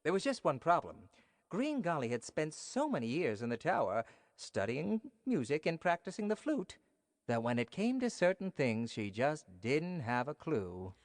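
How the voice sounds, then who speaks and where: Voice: mid-range voice, big pitch swings, moderate pace. A storyteller reading a bedtime story to children, playful and speaking straight to the listeners. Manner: playful, addresses listeners directly. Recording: long hall reverb.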